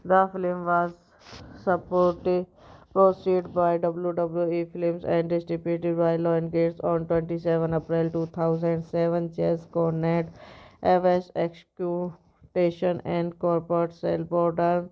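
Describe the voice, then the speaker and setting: A woman reads out film credits and trivia for her review channel, halting and restarting as she goes. Her voice is low, smooth and slightly gravelly, held almost flat in pitch. The recording sounds dull and lo-fi. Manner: halting, stumbling reading with restarts. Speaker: movie review channel host. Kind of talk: reading out film credits and facts.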